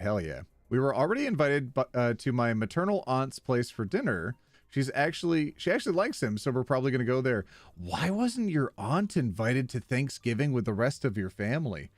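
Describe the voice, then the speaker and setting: A man's voice: mid-range voice, sing-song, normal speed, dry recording. Playful man reading posts on stream. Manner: playful, laughs easily, wry asides. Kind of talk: casual reading of online posts with commentary.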